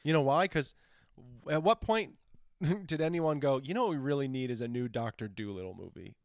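A man's voice: mid-range voice, fairly quick, no echo, studio quality. A man co-hosting a podcast in casual chat, rambling and swearing as he riffs. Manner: rambling, swearing, animated riffing. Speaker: podcast co-host.

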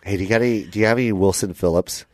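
A man's voice: fairly low pitch, racing, no echo. A man co-hosting a podcast, joking around and teasing his guest. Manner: joking, playful, does silly voices. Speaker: podcast co-host. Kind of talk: casual podcast chat.

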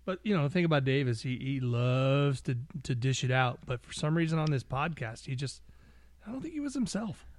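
A man's voice: medium pitch, big pitch swings, a little fast. A man co-hosting a podcast in casual chat, making dry, laid-back short remarks. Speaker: podcast co-host.

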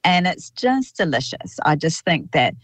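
A middle-aged woman, a winemaker talking casually in an interview, thoughtful with many pauses and restarts. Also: deep voice, sing-song, no echo. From New Zealand. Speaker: winemaker guest. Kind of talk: casual radio interview by phone.

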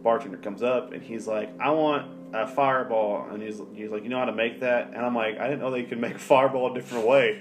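A man's voice: medium pitch, steady tone, fast talker, hardly any pauses, music in the background. A man chatting casually and profanely on a podcast, recapping a movie and acting out the characters' lines with laughter. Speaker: podcast co-host. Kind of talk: casual movie review chat.

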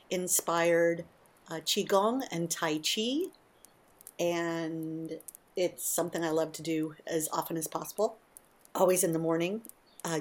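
A woman hosting a casual morning monologue, talking in an animated, emotional way with frequent asides. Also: fairly low pitch. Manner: warm, emotional, animated storytelling. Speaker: podcast host.

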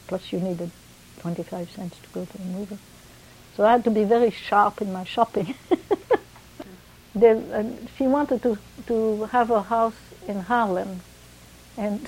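A woman's voice: medium pitch, moderate pace, darkish tone, a little hiss or hum, low-quality recording. An older woman chatting casually about her memories, wandering a little and laughing along. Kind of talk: casual reminiscing.

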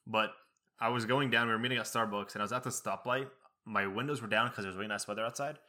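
A man's voice: fairly low pitch, steady tone, fast talker, sharp tone. A young man in casual podcast chat, telling stories in a laid-back way and laughing often. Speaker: podcast co-host.

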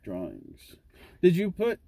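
Dad, 40s, husky tone, animated and encouraging in a casual home video. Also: male voice, high voice, slow pace, no room sound. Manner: encouraging, gently prompting the child. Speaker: parent co-hosting with his son.

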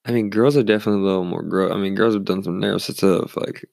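A man's voice: low voice, quick pace, gravelly, a little mellow, dry recording, clean studio sound. A young man who works as a bartender, telling rambling bar stories in a casual, swearing way and acting out the people he quotes. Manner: rambling, swears freely, acts out quoted voices. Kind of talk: casual storytelling.

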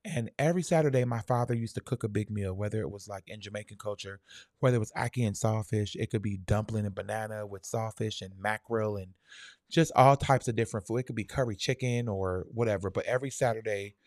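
A young man telling a personal childhood story in a soft, halting, reflective way, full of fillers. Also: lowish voice, no room sound, clean studio sound.

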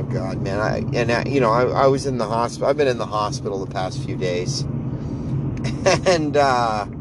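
A man rambles through a casual podcast monologue, wry and full of halting restarts. He speaks slowly at a middling pitch. Outdoor traffic noise sits clearly behind his voice. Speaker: podcast host.

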